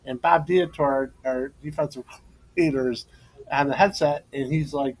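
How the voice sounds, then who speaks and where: A man's voice: medium pitch, fairly even intonation, moderate pace, low-quality recording. A middle-aged man, co-host and former coach, telling stories in a casual podcast chat, laughing often and turning emotional in a tribute.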